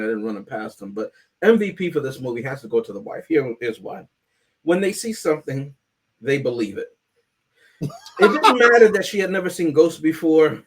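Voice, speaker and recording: A man hosting a casual movie review podcast. He talks in a playful, emphatic way. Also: on the high side. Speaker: podcast host.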